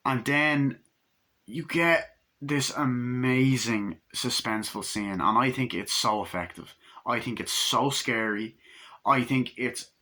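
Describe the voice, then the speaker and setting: A man giving a casual movie review, excitedly retelling scenes with plenty of swearing. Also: medium pitch, slow pace.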